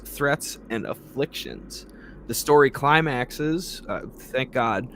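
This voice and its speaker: A man's voice: medium pitch, a little hiss or hum. A man hosting a podcast, reading a ghost story aloud and breaking off into profane, laughing asides.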